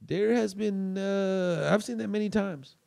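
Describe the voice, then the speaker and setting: A man's voice: high voice, unhurried, vocal fry, darkish tone, dry recording, studio quality. A male comedian guest on a podcast telling a story in a loose, rambling way with many restarts. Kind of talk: casual storytelling.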